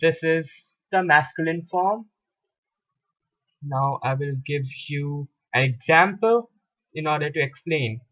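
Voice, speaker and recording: A man gives a French grammar lesson at a very slow, measured pace, repeating key words and pausing often to gather his thoughts. His voice sits somewhat high for a man. The recording is dull and lo-fi. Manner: deliberate, hesitant with fillers and repetitions. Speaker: French teacher. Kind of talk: slow lecture explaining grammar at a board.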